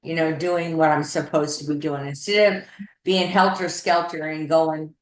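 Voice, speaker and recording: A woman's voice: deep voice, fairly even intonation, moderate pace, reverberant, low-quality recording. An older woman telling a story casually over a video call, chatty and rambling, often restarting her sentences.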